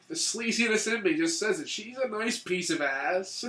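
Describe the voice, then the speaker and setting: High-voiced man in an echoey room. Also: expressive, a little slow, pushed and bright. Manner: rambling, profane, laughs often. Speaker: co-host of a movie review show. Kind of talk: casual chat.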